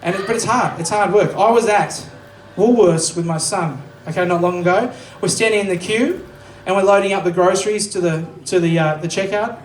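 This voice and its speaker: A man's voice: high voice, a little fast, few pauses, slight background noise. An Australian man doing a live stand-up comedy set, rambling into asides and swearing freely. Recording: roomy distant live recording, faint ambience.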